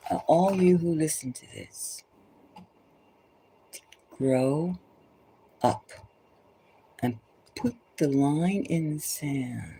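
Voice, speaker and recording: A woman's voice: low voice, vocal fry, warm tone, a little hiss or hum, poor audio. A woman tarot reader giving an impassioned, preachy monologue full of urgent repeated exhortations, sometimes dropping to a whisper.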